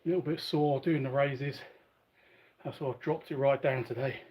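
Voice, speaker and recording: A man's voice: mid-range voice, steady tone, normal speed, highs cut off, a little hiss or hum. A man giving casual commentary while working out, out of breath and panting between sets, picked up by a built-in device mic. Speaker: fitness streamer. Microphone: built-in device mic, no dedicated microphone.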